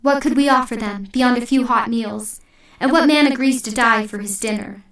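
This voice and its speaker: A woman's voice: on the high side, normal speed, fairly bright tone. A woman voicing a worried male villager who earnestly questions the plan. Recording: echoey room, distant mic.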